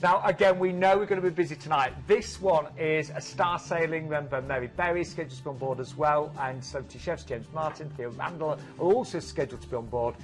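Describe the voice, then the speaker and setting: Fast-talking eager man co-hosting a sales show. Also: fairly high pitch, faint music behind. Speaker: cruise sales co-presenter.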